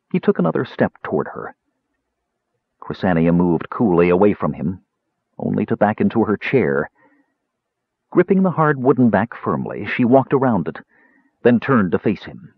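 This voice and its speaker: A man reading a fantasy novel aloud as an audiobook narrator, with expressive, dramatic delivery. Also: on the low side, a little slow, husky, no room sound. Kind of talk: scripted narration. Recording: dry, slightly dull recording.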